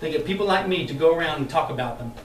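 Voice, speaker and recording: A man leading a sales training session for a live group, talking in a lively, chatty way, laughing often and acting out the voices he quotes. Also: on the high side, rapid-fire. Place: meeting room with an audience. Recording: echoey room, mic far off.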